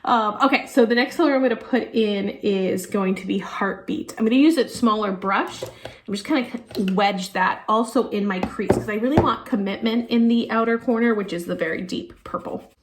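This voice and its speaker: A woman's voice: a little high, normal speed, slight background noise. A woman in her thirties, a teacher and beauty vlogger, chatting casually and thinking aloud while doing her makeup. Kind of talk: casual makeup tutorial chat.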